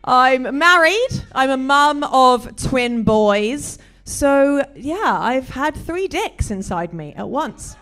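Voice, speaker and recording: British woman comic in middle age, slightly high voice, deadpan stand-up with bawdy jokes. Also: slow pace, few pauses, faint music behind. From Britain. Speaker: stand-up comedian. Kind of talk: stand-up comedy set.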